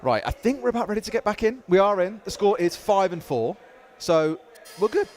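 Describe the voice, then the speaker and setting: A man's voice: sits high, big pitch swings, fairly quick. A British man casting a live esports broadcast, telling jokey stories in casual banter. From United Kingdom. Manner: chatty, jokey, storytelling banter. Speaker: esports caster.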